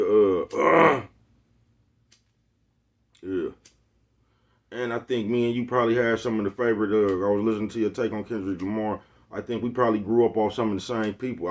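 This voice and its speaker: A man from Oakland, talking casually to his phone camera, rambling in slang and asking "you know what I'm talking about" again and again. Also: mid-range voice. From Oakland, California. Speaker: vlogger. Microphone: phone with Bluetooth earpiece.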